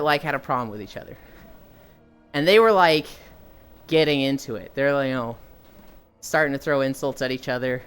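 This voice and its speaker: A woman's voice: low-pitched, fairly bright tone. A young woman streamer telling casual stories to chat, swearing freely and acting out quoted people in raised voices. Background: faint music.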